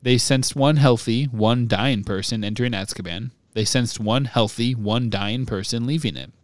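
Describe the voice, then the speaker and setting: A drugged young man speaking in a flat, expressionless monotone, as a man reads him aloud. The voice is slightly low and quiet, and the recording is dry. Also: brisk, no room sound, close to an everyday voice.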